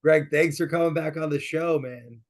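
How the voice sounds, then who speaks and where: A man hosting a podcast, relaxed and jokey, asking his guest questions in casual chat. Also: fairly high pitch, normal speed. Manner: relaxed, jokey, laughs easily. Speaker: podcast host.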